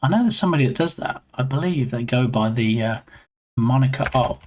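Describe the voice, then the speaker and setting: A man's voice: mid-range voice, animated, fairly quick, darkish tone, a little hiss or hum. Chatty man streaming live. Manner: rambling, chatty, greets viewers by name. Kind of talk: casual live-stream chat.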